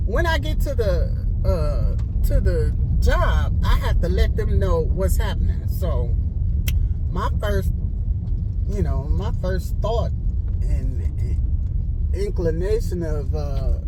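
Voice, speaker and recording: A woman telling an animated storytime vlog about her home care job, acting out the people she quotes. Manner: animated storytelling, acts out quotes with big pitch jumps. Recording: noisy, traffic outside.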